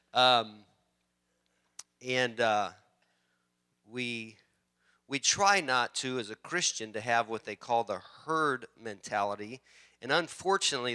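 Male pastor, bright clear voice, animated sermon storyteller. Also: medium pitch. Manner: animated storytelling, rising excitement.

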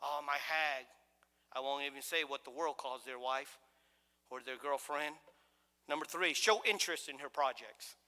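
A man's voice: mid-range voice, normal speed, bright, forceful tone. A middle-aged male pastor preaching a sermon in a conversational, joking way, full of restarts and acted-out quotes. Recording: long hall reverb.

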